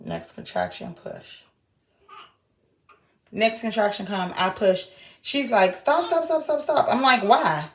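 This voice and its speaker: A young woman vlogging, telling a story in a lively way and acting out everyone's lines. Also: fairly low pitch, a little hiss or hum. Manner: animated retelling, acting out quoted voices. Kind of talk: casual storytelling vlog.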